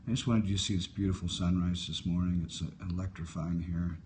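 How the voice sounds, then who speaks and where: Low-voiced man in his fifties, musing. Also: fairly even intonation, a little mellow, a little hiss or hum. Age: 50s. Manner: musing, unhurried, wandering from topic to topic. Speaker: livestreamer answering viewer comments. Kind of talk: casual live-stream chat. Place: hotel at sunrise. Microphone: phone held for a live stream.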